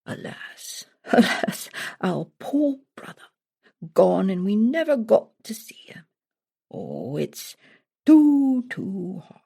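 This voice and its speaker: A woman putting on a slow, oily old con-man king. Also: medium pitch, lively intonation, warm tone, heavily acted. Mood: fake sobbing. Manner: slow, smooth, falsely pious talk. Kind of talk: storybook reading.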